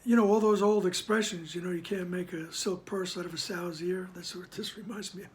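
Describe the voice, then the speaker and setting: A man reading a spiritual text aloud with reflective commentary. He is soft-spoken, often sinks to a whisper, reads slowly and with emphasis, and keeps checking in with the listener. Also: high voice, fairly even intonation, a little hiss or hum. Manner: slow, emphatic reading of passages. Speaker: spiritual text reader and teacher.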